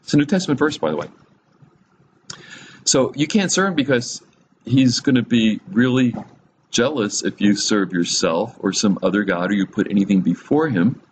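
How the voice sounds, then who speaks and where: A man's voice: fairly low pitch, moderate pace, slight background noise, low-quality recording. Chuckling man teaching the Bible. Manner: chuckles often, humorous asides; asks listeners direct questions.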